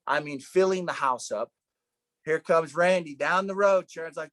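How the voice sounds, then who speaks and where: A man teaching a Bible study in a casual, animated way, often adding "right?" and "man" as he talks. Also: fairly high pitch, fairly quick, dry recording. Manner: animated storyteller, tags lines with "right?" and "man".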